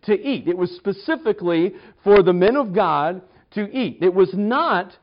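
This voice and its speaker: Chatty man teaching scripture, higher voice. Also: lively intonation, moderate pace. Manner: chatty, with frequent restarts and wry humor. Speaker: Bible teacher. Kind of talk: conversational Bible study teaching. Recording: slightly dull lo-fi recording.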